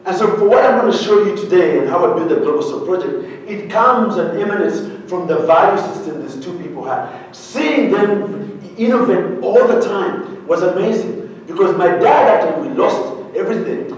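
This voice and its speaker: A man's voice: high voice, animated, brisk, few pauses, a little hiss or hum. A man from Uganda giving a humorous storytelling keynote, quizzing his audience as he goes. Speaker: keynote speaker. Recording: very echoey hall, voice far from mic.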